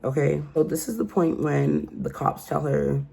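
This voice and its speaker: A woman's voice: low-pitched, unhurried, gravelly, mellow. A woman giving a casual true crime commentary, telling the story emphatically and incredulously and often asking "okay?".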